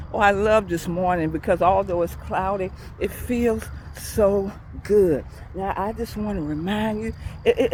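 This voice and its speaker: A woman's voice: mid-range voice, darkish tone, a little hiss or hum, poor audio. Folksy woman teaching on a walk. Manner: folksy storytelling, chuckling often. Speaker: church school teacher. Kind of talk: devotional talk while walking. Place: outdoors on a morning walk.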